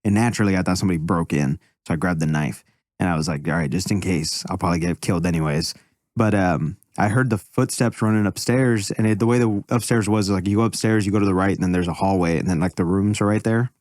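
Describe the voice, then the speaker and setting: A man's voice: low-pitched, fast, a little mellow, no room sound, clean studio sound. A young man co-hosting a comedy podcast in casual chat, telling stories with laughs and acted-out quotes. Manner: laughing storyteller, acts out quotes. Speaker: podcast co-host.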